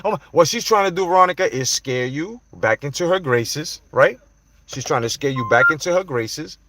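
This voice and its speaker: A man's voice: fairly high pitch, expressive, moderate pace, pushed and bright. A man hosting a live stream, confronting people directly in a heated, profane rant to his viewers. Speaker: livestream host.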